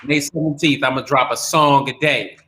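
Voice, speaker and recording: A man's voice: medium pitch, steady tone, normal speed, sharp tone, a little hiss or hum. Young guy cohost, rambling and cussing through a story, chill. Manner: loose, profane storytelling with laughs. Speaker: podcast co-host and rapper. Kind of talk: casual chat.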